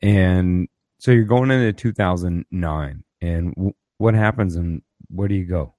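Chill podcast host guy, really deep voice, dry close sound. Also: a little slow, warm tone, no echo. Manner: laid-back, encouraging, calls guest "man". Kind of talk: casual podcast interview.

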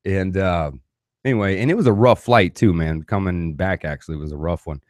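A man telling a personal story in a casual, animated way, swearing freely. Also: sits low, brisk, no echo, clean studio sound.

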